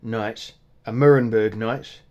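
A man's voice: lowish voice, steady tone, normal speed, darkish tone, highs cut off, natural voice. A man voicing a huge, surly Irish tavern keeper who speaks bluntly in an Irish accent. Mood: gruff.

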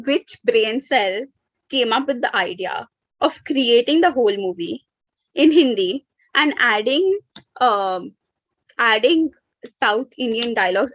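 A woman's voice: a little high, fairly bright tone, no room sound. A woman co-hosting a casual podcast, ranting animatedly and dropping into Hindi asides. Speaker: podcast co-host. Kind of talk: casual chat. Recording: dull, lo-fi dry recording.

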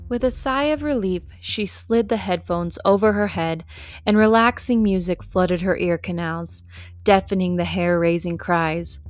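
A woman reading an audiobook story in a steady storytelling manner. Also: fairly low pitch, unhurried, soft background music. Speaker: narrator. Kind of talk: audiobook narration.

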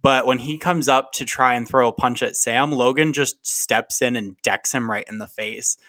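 A man co-hosting a podcast, summarizing film plot in casual, steady chat. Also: medium pitch, moderate pace, no echo. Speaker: podcast co-host.

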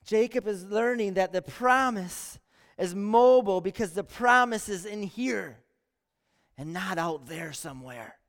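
A very high-voiced male pastor preaches animatedly yet unhurriedly, his tone fairly bright. His earnest sermon in the church sanctuary relies on rhetorical questions and repeated phrases, echoing with long church hall reverb.

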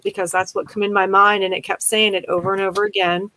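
A woman's voice: mid-range voice, flat delivery, a little fast, a bit bright, poor audio. An older woman from Pennsylvania, chatting casually and telling a long personal story with many fillers and restarts. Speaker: conversation partner. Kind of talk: casual chat.

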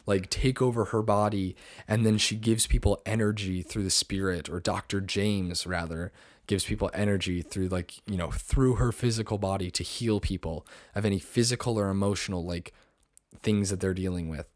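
A man's voice: low voice, steady tone, normal speed, dry recording, clean studio sound. A young man hosting a podcast, chatting casually and rambling, with lots of fillers. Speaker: podcast host. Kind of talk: casual chat.

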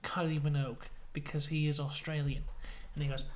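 A man's voice: a little high, fairly quick, few pauses. Playful British man spinning a comic tale. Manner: playful, deadpan tall tales. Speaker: podcast co-host. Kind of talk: comic storytelling.

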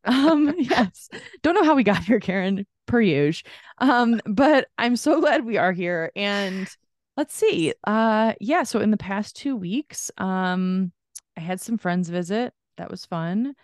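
A woman's voice: mid-range voice, expressive, takes it slowly, dry recording, studio quality. A woman co-hosting a podcast in casual chat, rambling with lots of fillers and side notes, her voice a little strained. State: strained vocal cords. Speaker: podcast co-host.

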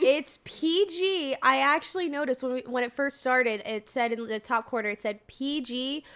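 A woman co-hosting a casual movie chat, animated and giggly. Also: high voice, moderate pace. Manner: animated, giggly, puts on silly voices. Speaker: podcast co-host.

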